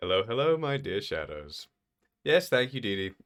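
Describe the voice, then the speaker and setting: Guy in his 30s streaming games, low voice that swings all over, jokey and chatty. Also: sing-song, normal speed, fairly bright tone, clear, resonant tone. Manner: playful and chatty, laughs often, greets viewers by name. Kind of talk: casual live-stream chat while gaming.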